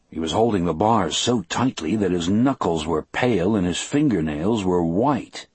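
A man narrating a first-person audiobook in a measured, expressive storytelling voice. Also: deep voice, husky, dry recording.

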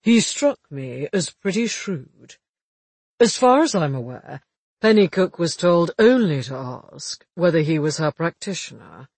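A man voicing a shrewd male police detective in an audiobook, measured and wry, with a slightly husky voice. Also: a little high, very animated, a little mellow, no echo, heavily acted. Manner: measured, wry, matter-of-fact. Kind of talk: audiobook dialogue reading.

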